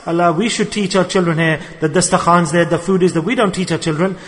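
A man with a high voice and delivers an earnest, animated sermon. He slips into quoted voices as he talks, and his words ring out with the long reverb of a large hall. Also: fast. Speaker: preacher.

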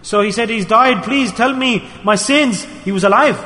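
A man preaching a sermon to a gathering of brothers, telling a story and acting out its quotes in a lively way. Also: high-pitched, moderate pace, hardly any pauses. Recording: reverberant hall.

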